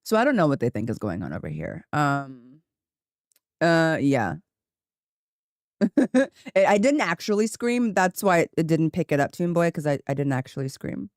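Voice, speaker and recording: A woman's voice: sits low, very animated, moderate pace, no echo, clean studio sound. Giggly, tired woman streamer. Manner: chatty and giggly, often breaking into laughter. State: tired, a bit mellow. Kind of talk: casual chat on a gaming stream. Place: home office. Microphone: new studio microphone.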